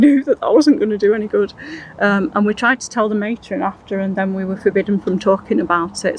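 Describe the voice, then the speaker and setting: An older woman recounting her personal experiences in an interview, in an earnest, halting way with many restarts. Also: mid-range voice, slight background noise, poor audio. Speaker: interview guest.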